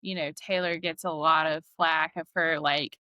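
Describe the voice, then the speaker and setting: A woman's voice: low-pitched, level tone, normal speed, pushed and bright, no echo. A woman therapist joining a podcast chat, earnest and thoughtful.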